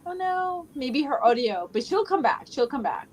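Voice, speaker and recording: A woman's voice: high-pitched, very animated, normal speed, a little hiss or hum, rough recording. A woman hosting a casual podcast panel, upbeat, prompting and encouraging her guests. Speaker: podcast host.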